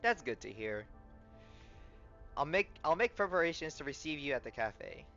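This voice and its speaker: A man's voice: a little high, very animated, moderate pace, exaggerated voice. A man reading aloud the lines of a poised, courteous female café manager in a game, in a polite, composed manner with small stumbles. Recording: slightly muffled, soft game music behind.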